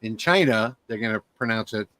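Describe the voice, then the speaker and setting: A man chatting casually as a guest on a live stream, relaxed and joking. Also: lowish voice, fairly quick, dry recording.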